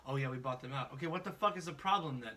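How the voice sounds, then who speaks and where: Man with a slight Kentucky accent, bright voice. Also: mid-range voice, racing, far from the mic. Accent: slight Southern Kentucky. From Midwest US, near Kentucky border. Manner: animated storyteller, mimics voices, swears casually. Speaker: podcast host. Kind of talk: casual chat.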